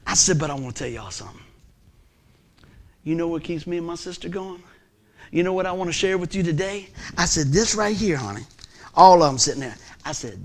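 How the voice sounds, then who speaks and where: This is a preacher in his fifties with a notably high voice. He tells his story in a folksy, animated way. He shifts between near-whispers and loud, ringing declarations. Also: fairly quick. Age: 50s. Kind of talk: sermon storytelling.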